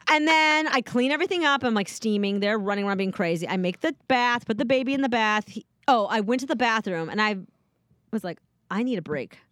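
A woman's voice: fairly high pitch, fairly quick, no echo. A woman in her thirties chatting casually, telling a story and acting out the dialogue in different voices, with frequent laughs. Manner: animated, acts out quoted dialogue in voices, laughs often.

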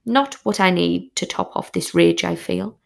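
A woman's voice: fairly low pitch, measured pace, gravelly. A woman telling a frank, sweary, comic personal story as a podcast host.

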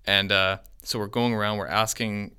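A man's voice: fairly low pitch, moderate pace, clear, resonant tone. A man in his twenties telling a rambling travel story in casual podcast chat. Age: 20s. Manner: rambling, animated storyteller with quoted voices.

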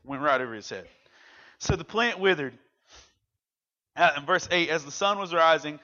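High, bright-voiced male youth preacher. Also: highs cut off. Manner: conversational, animated, acts out quotes. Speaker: youth pastor. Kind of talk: casual youth sermon.

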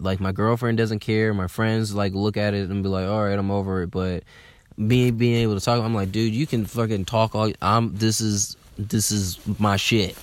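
A young man from telling a casual, animated story, swearing freely and using lots of fillers. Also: on the low side, moderate pace, no room sound. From Atlanta, USA. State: slightly hungover.

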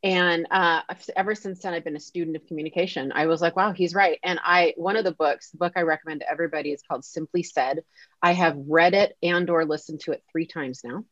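A woman who is a guest on a podcast, telling a story in a lively way and acting out the lines people said to her. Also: lowish voice, brisk, no room sound. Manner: animated, acts out quoted dialogue. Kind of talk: casual storytelling interview. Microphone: podcast mic. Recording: dull lo-fi sound.

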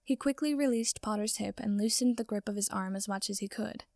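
A woman reading fan fiction aloud in steady, even narration. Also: mid-range voice, fairly quick, no echo, studio quality. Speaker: reader.

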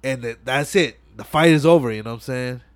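A man's voice: mid-range voice, a little fast, dry recording. A young man hosting a podcast, retelling a film scene by scene in casual, profane slang. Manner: slangy, profane, animated storytelling. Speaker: podcast host. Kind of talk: casual movie recap chat.

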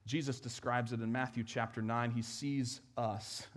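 A man preaching in church with a slightly high voice. His delivery is conversational, moving from strong, raised emphasis to soft, hushed moments. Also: level tone, a little fast, few pauses. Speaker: pastor. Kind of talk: sermon.

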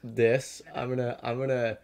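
A man's voice: mid-range voice, little pitch movement, moderate pace, noisy background. A young man hosting a podcast in casual chat, who swears a lot and gets frustrated easily. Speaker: podcast host.

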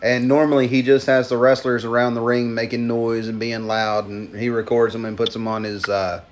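A man's voice: medium pitch, little pitch movement, moderate pace. A man hosting a casual podcast, easygoing as he runs through the segments. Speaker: podcast host. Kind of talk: casual chat.

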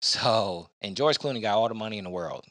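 A man's voice: lowish voice, fairly quick, a bit bright, dry recording. A man hosting a casual podcast, giving blunt opinions in a rambling way with lots of fillers. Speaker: podcast host.

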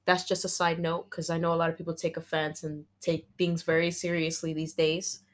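A woman's voice: low voice, completely flat delivery. A young woman in casual chat, making up a story with a friend and laughing often. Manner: laughs often, acts out characters in quick voices.

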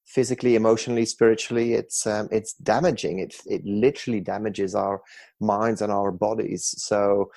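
A man's voice: lowish voice, flat delivery, normal speed, gravelly, darkish tone. A man hosting an interview, affirming what his guest says and reflecting on it. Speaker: interviewer host. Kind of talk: conversational interview.

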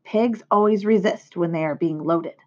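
A teacher reading a children's book aloud in clear, measured narration. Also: female voice, fairly low pitch. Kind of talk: storybook read-aloud. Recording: dull lo-fi recording.

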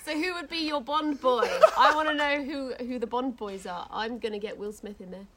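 A woman co-hosting a casual community radio chat, tossing in quick teasing remarks. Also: sits high, fairly even intonation, sharp tone, slight background noise. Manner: quick teasing interjections, laughs often. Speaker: co-host.

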